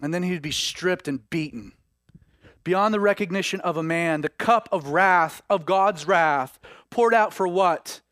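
Guy preaching, high voice, goes loud then drops way down quiet, dry close sound. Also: moderate pace, no room sound. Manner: dramatic, swings between loud and hushed. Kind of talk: sermon.

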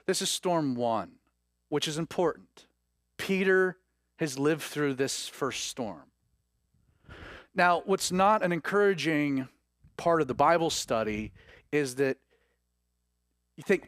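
A man preaching a sermon in an animated way, acting out the voices he quotes. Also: fairly high pitch, slow, pauses often, dry recording, studio quality.

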